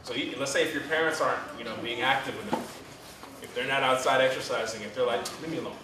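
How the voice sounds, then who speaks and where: A man's voice: mid-range voice, fast talker, roomy sound, distant mic, crowd noise. A man speaking to children at a fitness camp about nutrition, coach-like and full of questions he answers himself. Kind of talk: energetic talk to children. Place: community center event with children.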